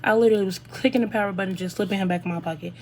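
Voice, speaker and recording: An eighteen-year-old woman, telling a casual storytime to viewers in an animated, chatty way. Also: mid-range voice, rapid-fire, slight background noise. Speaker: vlogger.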